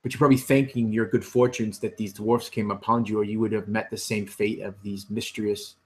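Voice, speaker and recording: A man narrating as game master for a tabletop game, slow and halting with many fillers. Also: on the low side, little pitch movement.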